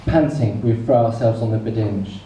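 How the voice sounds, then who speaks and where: Stand-up comic in an echoey room. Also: male voice, lowish voice, dark tone. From England. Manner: storytelling with comic pauses. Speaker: stand-up comedian. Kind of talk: stand-up comedy set. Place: comedy club stage in front of an audience. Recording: echoey room, mic far off, noisy.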